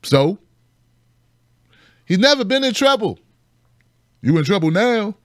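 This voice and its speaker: A man hosting a casual news commentary show, animated and sarcastic, jumping between high mocking tones and low grumbles. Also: takes it slowly, dry recording, clean studio sound. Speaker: show host.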